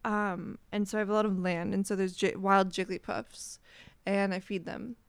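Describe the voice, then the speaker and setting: A woman's voice: medium pitch, level tone, moderate pace, vocal fry, smooth, no echo. A woman co-hosting a casual podcast chat, teasing her friend, laughing often and rambling through her thoughts. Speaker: podcast co-host.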